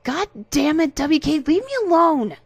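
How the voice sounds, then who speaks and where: A furious young woman student, played by the narrator, shouts at a classmate. Her voice climbs high and loud and drifts off the mic. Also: moderate pace, no room sound, lightly acted. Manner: shouting angrily, far from the mic.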